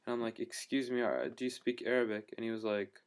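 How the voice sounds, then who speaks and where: Speaking quickly to the camera in a smooth, clear voice at an ordinary middle pitch, a man records a casual video diary about his travels. He's an enthusiastic storyteller who rambles, keeps stopping and restarting sentences, and fills gaps with "uh" and "you know."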